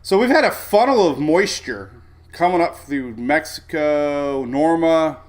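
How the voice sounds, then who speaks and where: A man's voice: fairly high pitch, lively intonation, a little slow. A middle-aged man hosting a casual weather livestream, chatting and greeting viewers by name, laughing often. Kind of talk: casual live-stream chat.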